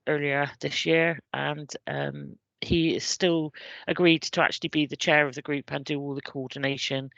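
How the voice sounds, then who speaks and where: A middle-aged woman with a West Country English accent gives an informal work presentation, pausing often with ums and restarting her sentences. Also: low voice, gravelly, fairly bright tone, dry recording. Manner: hesitant, many ums and restarts. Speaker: civil contingencies officer presenting. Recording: dry, dull lo-fi recording.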